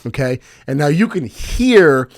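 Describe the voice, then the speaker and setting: A man's voice: a little high, very animated, a little slow, dry recording, studio quality. A young adult man co-hosting a podcast, telling work stories casually and acting out angry callers in a raised voice. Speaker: podcast co-host. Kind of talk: casual storytelling chat.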